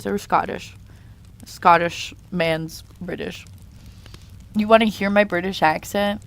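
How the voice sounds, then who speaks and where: A woman's voice: on the low side, a bit bright. Young woman streaming, casual rambly chat, lots of um and like, restarts a lot. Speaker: live streamer reading chat.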